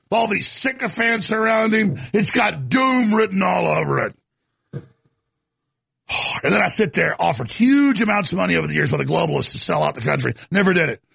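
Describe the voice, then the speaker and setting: A middle-aged male radio host with a deeply gravelly, raspy voice that rides high and swoops wildly. He rants in a heated monologue, bursting into shouts and then dropping to mumbled apologies. The sound is close and dry. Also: no room sound. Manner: ranting, swings from shouting to muttered apologies. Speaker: radio talk show host.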